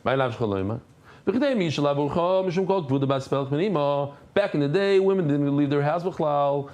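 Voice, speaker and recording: A man leads a daily Talmud class, reading the Aramaic text aloud and explaining it in English before shifting into softer storytelling. His voice is a little high and he speaks a little fast.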